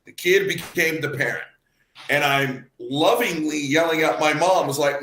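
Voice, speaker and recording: A Cajun man in his fifties from Louisiana, ranting profanely in a casual chat, repeating himself and veering between laughter and shouting. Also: fairly high pitch, normal speed, reverberant, rough recording. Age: 50s.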